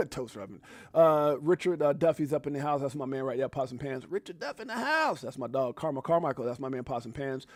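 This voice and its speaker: A man hosting a casual live stream, hyped and effusive, giving one shout-out after another to people watching. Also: medium pitch, expressive, fairly quick, no room sound. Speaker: livestream host. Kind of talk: casual live-stream chat reading out viewer names.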